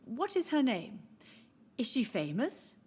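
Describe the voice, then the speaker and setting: A woman's voice: high voice, wildly swooping pitch, slow, darkish tone, a little hiss or hum, heavily acted. An actress playing a frail, confused old mother who grieves for her dead children and speaks to them as if alive. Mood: gently deluded. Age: older. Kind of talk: game dialogue.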